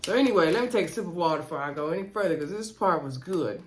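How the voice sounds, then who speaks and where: A woman hosting a casual recap, talking straight to her viewers in a chatty, lively way. Her voice sits a little low for a woman, and she acts out the scenes as she retells them. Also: very fast, a little hiss or hum. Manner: chatty and animated, retelling scenes with quoted dialogue. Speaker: reality show recap host.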